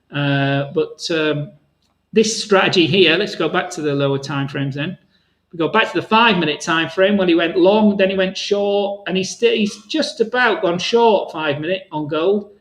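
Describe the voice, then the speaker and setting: A man's voice: on the high side, fairly bright tone, poor audio. A man hosting a live trading Q&A webinar, chatty and rambling, calling viewers "my friend", his voice a little worn. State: voice tiring.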